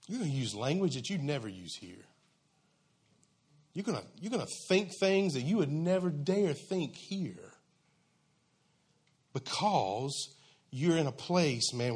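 A man's voice: medium pitch, breathy edge. A man preaching a sermon in a conversational, emphatic, folksy way.

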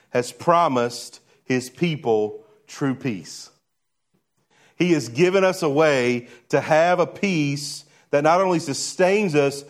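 A male pastor preaching a sermon in a conversational way, asking rhetorical questions and moving between hushed and emphatic delivery. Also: medium pitch.

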